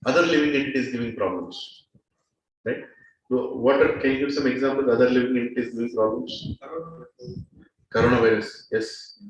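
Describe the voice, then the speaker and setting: A man's voice: medium pitch, moderate pace, dull audio. A man with an Indian accent teaching a class, asking the audience questions and laughing now and then. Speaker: spiritual teacher. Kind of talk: lecture to a class. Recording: echoey hall from far off.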